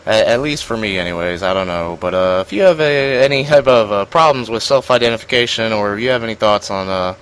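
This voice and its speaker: A man's voice: fairly low pitch, fast talker, few pauses, fairly bright tone, smooth, low-quality recording. A young man giving casual gameplay commentary, rambling and self-deprecating, with lots of fillers and restarts. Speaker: gaming commentator.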